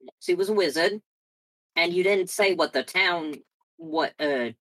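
A woman's voice: lowish voice, measured pace, a bit bright, dry recording. A woman player at a tabletop game, casually recapping everyone's characters.

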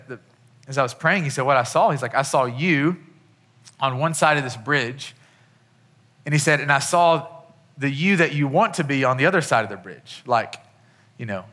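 Bright-voiced man preaching a story. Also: mid-range voice. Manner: storytelling, conversational, with many restarts. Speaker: pastor. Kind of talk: sermon.

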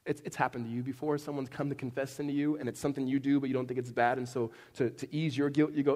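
A man's voice: mid-range voice, level tone, fast talker, hardly any pauses, a little mellow. A middle-aged man preaching a sermon in a casual, conversational way, telling jokey stories and checking in with "right?" asides. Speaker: pastor. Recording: long hall reverb.

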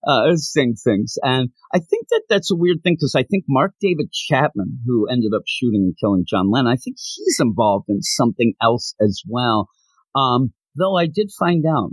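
A young man co-hosting a casual podcast, rambling and animated as he jumps between tangents. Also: mid-range voice, moderate pace, slightly rough, dry recording. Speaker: podcast co-host. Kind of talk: casual chat.

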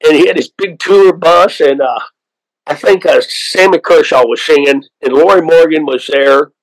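A man's voice: a little high, normal speed, no echo, poor audio. A man from Oklahoma, a waterfowl outfitter and guest, telling stories in an easygoing way and laughing often. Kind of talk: casual interview chat.

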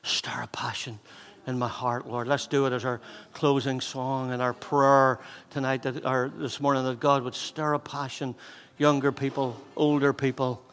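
A man's voice: medium pitch, flat delivery, moderate pace, hardly any pauses, long reverb tail. Fervent man in his sixties preaching. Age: 60s. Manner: fervent, repeats phrases, swings from loud exhortation to hushed intensity. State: out of breath. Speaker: pastor. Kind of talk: sermon. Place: church hall.

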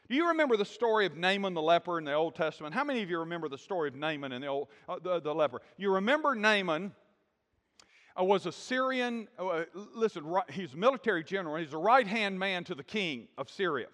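A man's voice: high-pitched, animated, fast talker, a bit bright. A man preaching a sermon and asking the congregation questions as he talks. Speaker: pastor. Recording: long hall reverb.

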